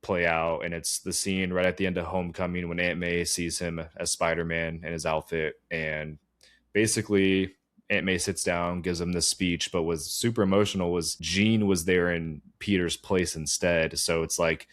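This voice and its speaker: A man's voice: low voice, fairly even intonation, moderate pace, fairly bright tone, dry recording, clean studio sound. A young man co-hosting a podcast in casual chat, earnestly walking through a scene step by step. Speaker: podcast co-host.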